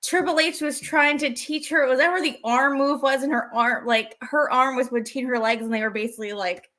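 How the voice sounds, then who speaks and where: A woman's voice: sits high, steady tone, a little fast, pushed and bright. A woman co-hosting a casual recap chat, retelling scenes with animation and acting out the lines. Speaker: podcast co-host.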